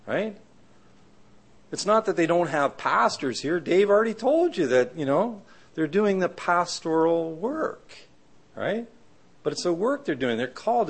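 Middle-aged male preacher, lively pitch, chatty sermon with acted-out voices. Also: slightly rough. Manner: conversational, asks the audience "right?" often; acts out quoted people with sudden high voices. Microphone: live audio of a church talk.

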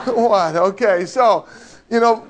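A man preaching a sermon in a conversational, joking way, asking his listeners rhetorical questions. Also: sits high.

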